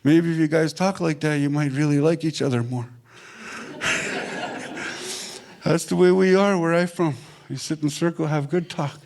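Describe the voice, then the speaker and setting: A man's voice: fairly high pitch, steady tone, measured pace, vocal fry, long pauses, darkish tone. A man from Manitoba, giving an earnest, plain-spoken personal talk that often repeats its phrases. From Manitoba, Canada. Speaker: invited speaker.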